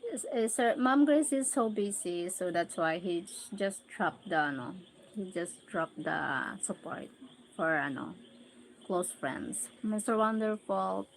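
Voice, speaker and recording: Slow-talking Filipino woman livestreamer. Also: medium pitch, expressive, slight background noise, rough recording. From Philippines. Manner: laughs often, reads viewer names aloud. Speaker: livestream host. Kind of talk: casual livestream chat reading comments.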